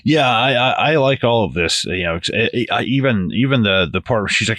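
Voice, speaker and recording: A man's voice: lowish voice, normal speed, few pauses, no room sound, studio quality. A man co-hosting a podcast, chatting casually about a film in a rambling way, with frequent restarts and swearing. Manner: rambling, lots of restarts and swearing, animated asides. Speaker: podcast co-host. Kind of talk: casual film commentary chat.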